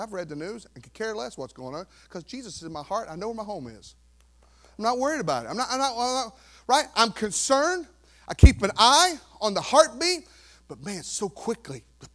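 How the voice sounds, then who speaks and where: A pastor preaching a sermon, swinging from quiet asides to loud exhortation and acting out worried churchgoers. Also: male voice, high-pitched. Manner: acts out worried churchgoers in quoted voices.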